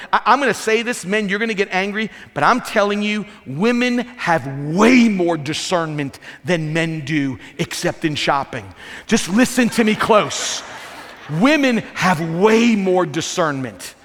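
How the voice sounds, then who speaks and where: Animated high-voiced male pastor preaching. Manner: animated, self-deprecating humor, frequent restarts. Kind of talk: sermon. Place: large church sanctuary. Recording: reverberant church hall.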